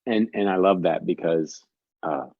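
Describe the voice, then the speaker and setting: A man who coaches youth sports, answering as a guest in a reflective, expressive way. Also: deep voice, unhurried, no room sound. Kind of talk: conversational interview answers. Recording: dull lo-fi video-call sound, dry.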